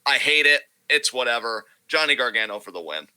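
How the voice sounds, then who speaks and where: A man's voice: mid-range voice, lively intonation, a little fast, pushed and bright, clear, resonant tone, poor audio. A young man co-hosting a podcast, giving laid-back, opinionated takes in casual chat. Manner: laid-back, opinionated, says dude and brother. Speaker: podcast co-host.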